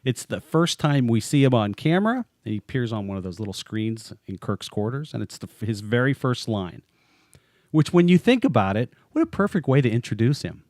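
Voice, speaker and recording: A man co-hosting a podcast, talking in a relaxed, chatty way and often breaking into laughter between phrases. His voice sits at an ordinary middle pitch. The sound is close and dry, with no room echo. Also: a little fast. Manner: chatty and joking, laughs often mid-sentence. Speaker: podcast co-host. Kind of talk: casual podcast chat.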